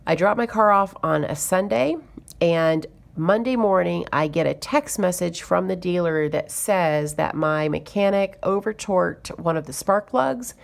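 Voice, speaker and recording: A budgeting YouTuber with a low, creaky voice talks to camera at a measured pace. She retells a story in a chatty, exasperated way, full of fillers.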